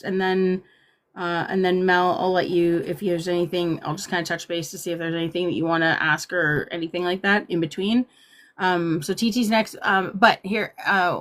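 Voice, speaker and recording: Upbeat woman livestream host, mid-pitch, chatty, auctioneer bits. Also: fairly bright tone. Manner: upbeat, rapid auctioneer patter at times. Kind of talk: casual livestream chat.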